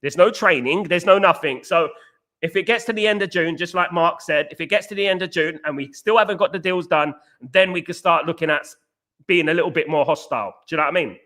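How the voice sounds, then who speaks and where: A man's voice: on the high side, fast talker, pushed and bright. A man hosting a fan channel, reading out viewer messages in a casual, repetitive way and calling people mate and bruv. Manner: chatty, repeats phrases, calls viewers mate and bruv. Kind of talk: casual livestream chat.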